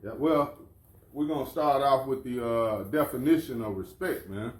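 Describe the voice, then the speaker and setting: A man's voice: medium pitch, moderate pace, reverberant. A man leading an informal religious lesson, casual and conversational, often calling people "man" and "bro". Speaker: lesson leader.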